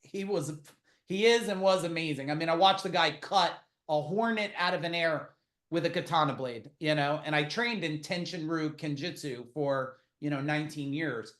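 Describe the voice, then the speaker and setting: A middle-aged man, a podcast guest, tells blunt, profane stories in casual interview talk, full of quick asides. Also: fairly high pitch, a bit bright, reverberant.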